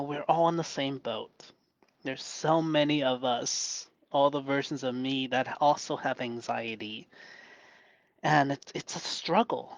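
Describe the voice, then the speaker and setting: A man in a reflective live monologue, speaking gently and softly in a deliberately lowered voice, thinking aloud with pauses and restarts. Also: no echo, low-quality recording. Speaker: self-coaching vlogger.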